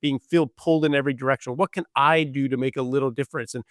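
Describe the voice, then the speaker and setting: A man's voice: medium pitch, fairly even intonation, dry recording, clean studio sound. A man hosting a podcast interview, chatting casually and repeating words as he gathers his thoughts. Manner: warm, halting, repeats words. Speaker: podcast host.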